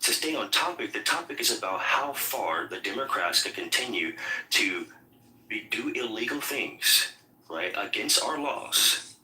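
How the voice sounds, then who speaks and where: A man's voice: fairly low pitch, animated, unhurried, sharp tone, echoey room, rough recording. A man hosting a heated political debate, insistent and repeating himself as he tries to hold the floor. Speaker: room host.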